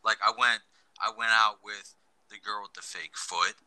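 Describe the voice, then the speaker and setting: A man co-hosting a podcast, chatting casually about past dates in a rambling, halting way with casual swearing. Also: lowish voice, fairly even intonation, pushed and bright, no echo, poor audio. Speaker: podcast co-host. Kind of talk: casual chat.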